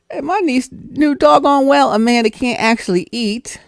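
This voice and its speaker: A woman hosting a livestream, telling a story in a chatty, animated way. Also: a little high, fairly quick, gravelly, no room sound, studio quality. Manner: chatty and animated, breaks into laughter. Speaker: livestream host. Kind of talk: casual storytelling.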